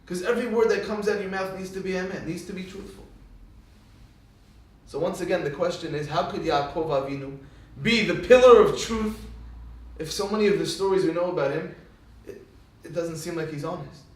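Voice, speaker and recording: Brisk and high-voiced, a man teaching Torah acts out people's words as he spins lively stories. The sound is echoey, caught in a hall far from the microphone.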